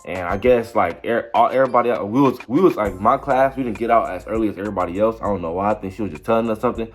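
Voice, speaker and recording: A man's voice: lowish voice, rapid-fire, soft background music. A young man telling a story in a casual, rambling way, full of slang and repeating "you feel me". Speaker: vlogger.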